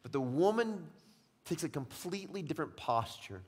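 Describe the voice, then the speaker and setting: A man preaching a sermon as pastor, swinging from hushed, intimate questions to loud, impassioned exclamations. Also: a little high, sing-song, moderate pace, husky. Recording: long reverb of a large hall.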